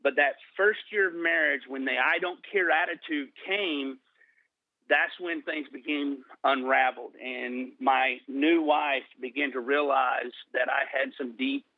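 A middle-aged man telling his personal testimony in an interview, earnest and slowing down for emphasis. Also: medium pitch, steady tone, dry recording. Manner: earnest storytelling, slows for emphasis. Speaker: guest sharing testimony. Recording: tinny phone-like line.

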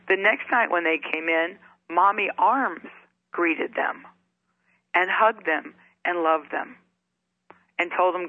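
A middle-aged woman tells personal stories as an interview guest, animated and lively. Her voice sounds thin and tinny, like a phone line. The sound is dry, with no room echo. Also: lowish voice, slow, long pauses. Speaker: author and guest. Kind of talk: interview storytelling.

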